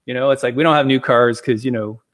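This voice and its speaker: A man's voice: mid-range voice, steady tone, quick pace. A man casually telling a personal story as a guest, rambling, with plenty of fillers and chuckles.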